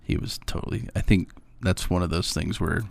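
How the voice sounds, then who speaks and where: A man's voice: low-pitched, moderate pace, vocal fry, no room sound. A man co-hosting a sports talk show, bantering in an easygoing, agreeable way. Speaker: sports radio co-host.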